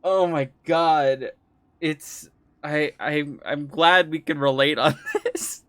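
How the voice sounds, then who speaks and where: A woman's voice: low-pitched, slow, no room sound. A woman streaming a game, chatting casually with her chat, laughing often and swearing freely. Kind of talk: casual game livestream commentary, reading chat.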